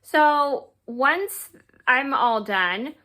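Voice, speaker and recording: Bright, rambling young woman vlogger. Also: high-pitched, animated, drawn-out words. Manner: rambling, many fillers and restarts. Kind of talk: casual storytelling.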